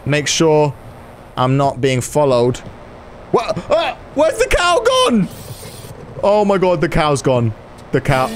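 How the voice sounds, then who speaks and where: A man hosting a gaming video, giving excitable let's-play commentary, swearing and yelling in reaction. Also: a little high, slow pace, pauses often, music in the background.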